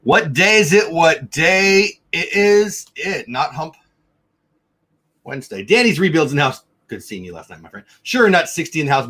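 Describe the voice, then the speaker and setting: A man hosting a casual livestream, greeting viewers by name in quick, upbeat shout-outs. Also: mid-range voice, husky. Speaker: livestream host.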